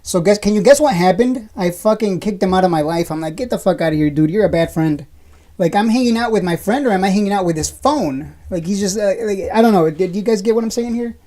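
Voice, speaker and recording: A woman's voice: mid-range voice, quick pace, hardly any pauses, mellow. Profane, teasing woman streamer. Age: 30s. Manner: profane, teasing, joking rants; laughs often between lines. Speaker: livestream host reading chat. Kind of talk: casual live-stream chat.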